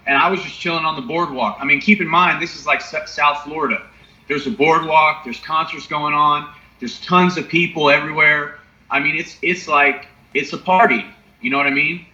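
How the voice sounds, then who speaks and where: Young man, bright forceful voice, excitable, swears a lot, echoey lo-fi recording. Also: fairly high pitch, moderate pace. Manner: excitable, profane, lots of "you know what I mean". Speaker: podcast co-host. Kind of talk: casual storytelling chat. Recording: echoey, dull lo-fi sound.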